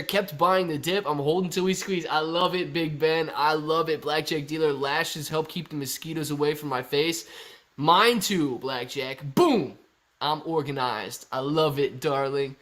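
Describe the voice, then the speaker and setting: A man's voice: on the high side, a bit bright. Chatty man hosting a live stream. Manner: joking, chatty, reads chat messages aloud. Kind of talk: casual live chat reading viewer comments.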